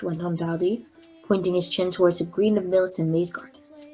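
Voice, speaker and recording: A woman reading a book chapter aloud in a measured, expressive way. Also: fairly low pitch. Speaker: storybook reader.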